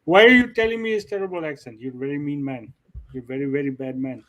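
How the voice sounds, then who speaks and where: A man's voice: fairly high pitch, fast talker, noisy background, natural voice. Comic Indian man, put on by a male host with a thick fake accent and broken English. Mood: mock offended. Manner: broken grammar, mock-offended.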